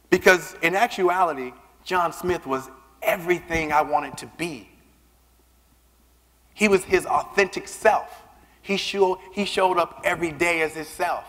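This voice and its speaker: A man giving a keynote speech, telling personal stories in an animated way and acting out the voices of the people he quotes. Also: on the high side, unhurried. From Southern United States. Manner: animated, acts out quoted voices, repeats words when starting a line. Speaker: keynote speaker. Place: large conference hall. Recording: reverberant hall.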